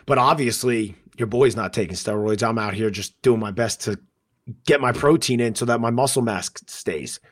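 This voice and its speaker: With a mid-range voice and moderate pacing, a man co-hosts a laid-back podcast. He tells animated stories, dramatizing what people said by quoting them in a raised voice.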